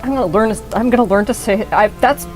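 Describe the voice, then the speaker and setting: A young woman streaming a game, talking in a rambling, excitable way and swearing often. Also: fairly high pitch, fast talker, over music, poor audio. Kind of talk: casual gameplay commentary.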